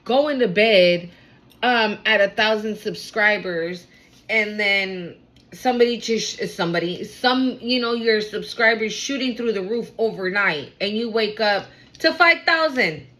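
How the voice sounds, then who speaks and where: A woman giving a casual spiritual reading to her viewers, talking fast and excitably with lots of slang and casual swearing. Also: mid-range voice, rough recording.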